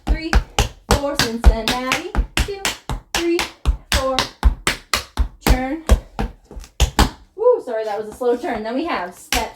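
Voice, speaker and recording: A winded woman tap teacher calls out counts and step names in time as she dances, her voice sitting a little high. She sounds breathless from the work, and the recording has a roomy echo with loud tap clicks behind her. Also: lively intonation, takes it slowly, pauses often, heavy background noise. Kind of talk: counting and calling steps while demonstrating. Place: dance studio.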